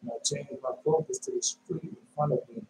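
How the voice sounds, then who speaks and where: A man preaching in an informal, emphatic way, repeating his phrases and breaking into sudden high shouts. His voice sits a little high for a man. The recording is roomy and echoey, with a faint hiss underneath. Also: wildly swooping pitch, a little fast. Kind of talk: informal sermon and dream telling. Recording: echoey room with faint noise.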